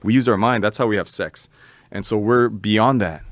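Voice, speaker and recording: A man's voice: fairly low pitch, moderate pace, no room sound, studio quality, lightly acted. A man voicing a crude, foul-mouthed male alien spirit from a psychedelic vision, in a taunting, profane manner. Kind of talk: recounted vision in casual chat.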